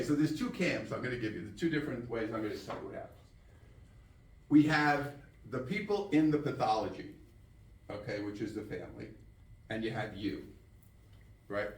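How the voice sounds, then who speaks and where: A man in his sixties giving a casual, animated live talk to an audience as a spiritual teacher. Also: a little high. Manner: casual, storytelling, animated with laughs and acted-out quotes. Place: room with an audience. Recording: roomy echo, mic at a distance.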